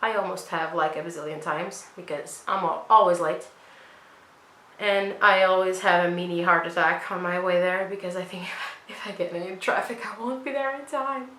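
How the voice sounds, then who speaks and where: A young woman talks through her makeup routine in a loose, chatty way, full of self-deprecating asides. Her voice is bright and forceful. The room sounds roomy, with a faint hum behind her. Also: fairly low pitch, steady tone, moderate pace. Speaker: beauty vlogger. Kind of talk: casual makeup tutorial chat.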